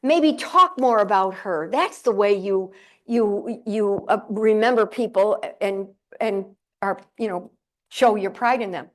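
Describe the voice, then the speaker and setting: A woman's voice: mid-range voice, measured pace. An older woman from central New York giving a humorous motivational keynote to a live audience, telling stories with chatty, playful asides. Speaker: keynote speaker. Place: conference room with audience.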